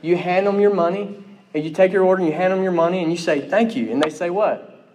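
A man preaching a sermon in an emphatic manner, often checking in with "okay?" and rising in pitch and volume on key phrases. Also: fast talker, a little mellow, a little hiss or hum. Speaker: pastor.

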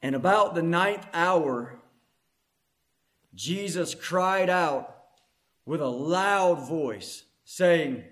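High-voiced impassioned male preacher. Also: extremely slow. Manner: swings between hushed reading and loud impassioned preaching. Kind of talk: sermon.

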